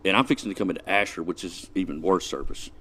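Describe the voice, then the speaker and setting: A man talks in a low, unhurried voice. He drawls through a story on a podcast, slipping into the voices of the people he quotes. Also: expressive, fairly bright tone. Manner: drawling, laid-back retelling with quoted dialogue. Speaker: podcast guest. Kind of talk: casual storytelling.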